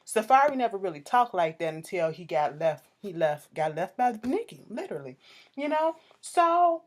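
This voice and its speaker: A woman's voice: medium pitch, moderate pace. A woman giving a sassy, profane recap of a reality show episode, acting out the cast's quarrels. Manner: animated, sassy, swears freely, acts out quotes.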